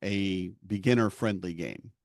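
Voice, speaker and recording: A man co-hosting a podcast who runs tabletop games, talking in a relaxed, rambling and self-deprecating way. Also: deep voice, measured pace, dry recording, studio quality. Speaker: podcast co-host and game master. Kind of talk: casual podcast chat.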